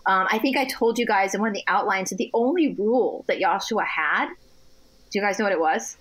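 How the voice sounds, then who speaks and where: A woman on a podcast telling stories in casual chat, animated, laughing often and restarting her sentences. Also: medium pitch, a little fast. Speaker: guest.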